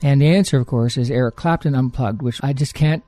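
A man's voice: mid-range voice, brisk, dark tone, no echo. A man hosting a music radio show, chatting casually between songs in a rambling way with frequent fillers.

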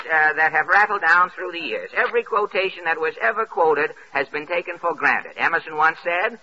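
A man hosting a radio comedy show, interviewing guests with wry, dry wisecracks and halting uh's, heard on a dull old radio broadcast. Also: a little high, sharp tone.

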